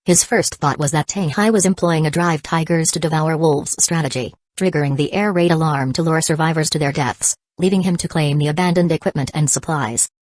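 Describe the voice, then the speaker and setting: Low-voiced woman reading an audiobook. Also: fairly quick, few pauses, darkish tone, no room sound. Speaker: audiobook narrator. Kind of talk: scripted audiobook narration.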